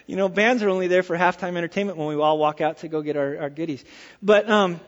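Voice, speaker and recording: A male pastor preaching a sermon, telling a personal story in an animated way and dropping to hushed tones for effect. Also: high-pitched, fast talker, big-room sound, muffled recording.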